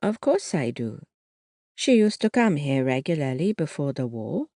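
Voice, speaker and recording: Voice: mid-range voice, very animated, moderate pace, warm tone, no echo, clean studio sound. A narrator voicing an older woman shopkeeper who speaks with a faint French accent, in a polite, guarded way.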